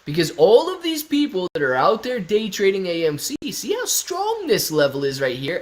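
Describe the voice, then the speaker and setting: A young man hosting a casual stock market live stream, reading viewer comments aloud and riffing on them in a chatty, excitable way. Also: a little high, fairly quick, hardly any pauses. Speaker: stock market livestream host.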